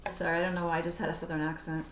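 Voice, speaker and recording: A woman's voice: lowish voice, flat delivery, very fast, a little hiss or hum. Chatty woman demonstrating a recipe. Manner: chatty, self-correcting, talks to herself as she cooks. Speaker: cooking instructor. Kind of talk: casual cooking demonstration. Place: home kitchen. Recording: roomy kitchen sound from a distant camera mic.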